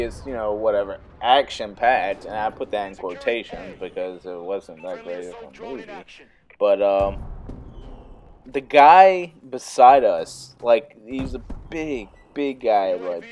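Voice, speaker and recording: A man's voice: fairly low pitch, darkish tone. A young man vlogging, telling a funny personal story in a rambling, casual way with lots of fillers. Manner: rambling, filler-heavy, laughs while telling stories.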